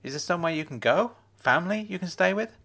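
Male narrator doing a higher, brisk young woman for a storybook: blunt, probing, kind underneath. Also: animated, vocal fry, pushed and bright, full character voice. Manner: brisk, probing, matter-of-fact.

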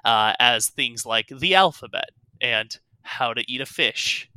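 A man narrating as game master in a tabletop game, halting with many fillers. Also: medium pitch, animated, bright, forceful tone, clean tone, no room sound.

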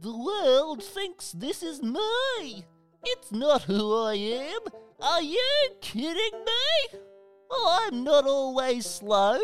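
A woman voicing a slow snail in a children's storybook reading, drawn-out and boastful. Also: sits high, wildly swooping pitch, soft background music, full character voice. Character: slow snail who dreams of speed.

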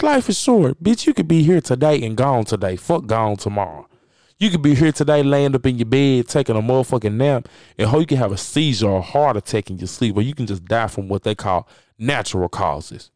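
A man's voice: medium pitch, darkish tone, no room sound, clean studio sound. A man hosting a podcast, giving a blunt, profane motivational rant and hammering his points home by repeating phrases. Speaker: podcast host.

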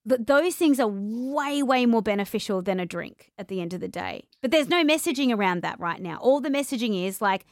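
A young adult woman hosting a casual conversation, animated and acting out the voices of people in her stories. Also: fairly high pitch, brisk, few pauses, no room sound, clean studio sound. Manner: animated, acts out quoted voices. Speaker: podcast host.

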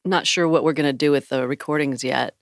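A woman's voice: low voice, steady tone, a little fast, dry recording, clean studio sound. A woman co-hosting a podcast in casual chat, joking in a giggly, self-deprecating way. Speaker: podcast co-host.

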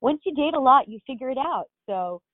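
A woman's voice: high voice, animated, brisk, no room sound. A middle-aged woman from Long Island with a Long Island accent, chatting as an interview guest with lots of fillers and restarts. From Long Island, New York. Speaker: guest actress. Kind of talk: casual interview chat. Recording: dry tinny phone-like line.

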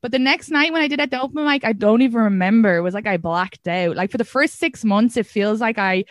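A woman with an Irish accent hosting a podcast, chatty and quick, filling her talk with "like" and "kinda". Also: on the high side, no room sound, clean studio sound. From Ireland. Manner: chatty and fast, full of "like" and "kinda". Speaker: podcast host and comedian. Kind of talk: casual podcast chat.

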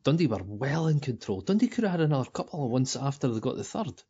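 A Scottish man talks football with a fan's glee, sweary and quick to laugh. His pitch sits mid-range for a man. The audio is a touch muffled and lo-fi. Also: breathy edge. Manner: sweary, laughing, animated banter. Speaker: podcast co-host. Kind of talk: casual football chat.

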